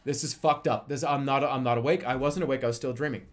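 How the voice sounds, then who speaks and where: A man's voice: medium pitch, steady tone, quick pace. A young adult man, a streamer, telling a story in casual, profane speech with frequent laughter.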